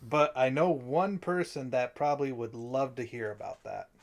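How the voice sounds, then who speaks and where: A man's voice: mid-range voice, normal speed, vocal fry, natural voice. A man voicing a polite, inquisitive woman cleric in a tabletop game, speaking formally. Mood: curious.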